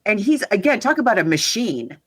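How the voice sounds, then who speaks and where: Animated woman podcast co-host, dry sound. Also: medium pitch, slightly rough, no room sound. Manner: animated, builds up with quick asides. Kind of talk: casual chat.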